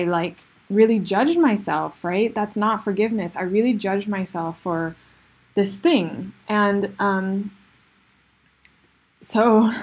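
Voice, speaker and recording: A woman's voice: medium pitch, a little mellow, slightly rough. A woman host talking alone on her podcast in an earnest, self-reflective way, with lots of "like" and "you know" fillers. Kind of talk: solo reflective podcast monologue.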